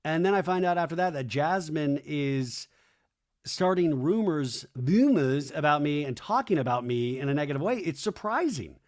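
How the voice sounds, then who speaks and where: Male podcast host, comedic recap, gossipy storyteller, slightly high voice. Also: lively intonation, moderate pace. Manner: chatty, gossipy, acts out the quoted lines.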